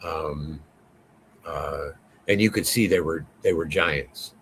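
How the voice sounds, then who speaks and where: A man guesting on an interview, telling a story in a rambling, excitable way, full of swearing and fillers. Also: very deep voice, slow pace, gravelly, slight background noise. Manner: rambling, profane, lots of fillers; excitable, voice rising as he tells it.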